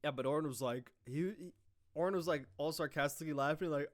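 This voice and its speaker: A young man casually recapping a wrestling show, excitable and full of fillers and swearing. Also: fairly high pitch, quick pace. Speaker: wrestling review host.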